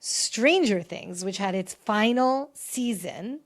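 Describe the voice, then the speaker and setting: A woman hosting a pop culture podcast, talking in a chatty, opinionated way and often swinging between loud and quiet. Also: mid-range voice, animated, takes it slowly. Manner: chatty, opinionated, shifts loudness a lot. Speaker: podcast host. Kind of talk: casual pop culture commentary.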